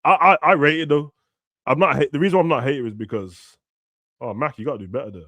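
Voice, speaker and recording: A young man, ranting and joking as a streamer during a football watch-along, now and then shouting. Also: a little high, fast talker, no echo. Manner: ranting, slangy, bursts of shouting. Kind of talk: casual chat over a live match.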